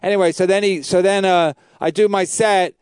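A man's voice: high voice, fairly even intonation, normal speed, darkish tone, smooth, dry recording. A man, a comedian and podcast host, telling rambling profane stories in casual chat.

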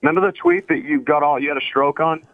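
A man's voice: on the high side, quick pace, vocal fry, no room sound, narrow, tinny audio. A man telling crude stories bluntly and profanely on a comedy radio call-in.

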